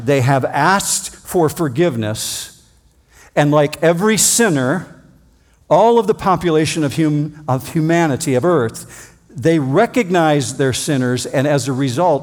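A male pastor delivering a sermon, rising to emphatic points and dropping to quiet asides. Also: medium pitch. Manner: preaching with emphatic rises and quiet drops. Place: church.

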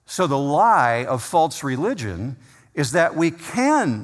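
A man's voice: a little high, sing-song. Emphatic preacher man in a reverberant hall. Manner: emphatic preaching, slowing and rising on key words. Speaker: pastor. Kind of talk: sermon. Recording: long reverb of a large hall.

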